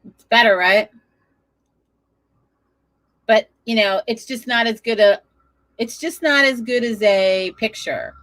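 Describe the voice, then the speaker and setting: A woman's voice: on the high side, slow, pauses often, a bit bright. A woman hosting a casual live stream from home, chatty, laughing often and swearing freely. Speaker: livestream host. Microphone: webcam setup at a desk.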